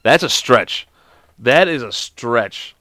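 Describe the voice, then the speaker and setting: A man's voice: medium pitch, expressive, takes it slowly, sharp tone, no room sound, clean studio sound. Swearing man reading bad jokes. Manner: swears a lot, laughs at and mocks his own jokes; self-deprecating, exasperated. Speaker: video host. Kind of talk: reading jokes aloud to camera.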